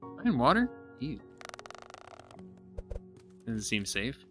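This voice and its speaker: A man giving casual let's-play commentary, excitable and thinking aloud as he explores, now and then poking fun at himself. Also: medium pitch, slow pace, soft background music. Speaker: gaming YouTuber.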